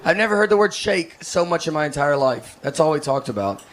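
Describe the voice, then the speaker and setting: A man from Tennessee, in his thirties, doing a rambling, deadpan, self-deprecating stand-up set on a theater stage. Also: on the high side, brisk. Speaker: stand-up comedian. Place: theater stage with a laughing audience. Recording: live stage recording with clear noise.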